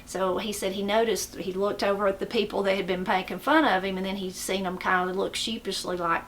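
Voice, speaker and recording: A woman's voice: mid-range voice, fairly quick, hardly any pauses, a little hiss or hum. A middle-aged woman from the mountains of western North Carolina with an Appalachian accent, telling stories in a folksy, rambling way. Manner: folksy, rambling, animated when quoting. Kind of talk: casual storytelling.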